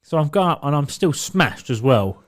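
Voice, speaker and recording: Animated man telling a story. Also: fairly high pitch, normal speed. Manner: animated storytelling, acts out other people's voices. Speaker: podcast co-host. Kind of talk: casual podcast chat.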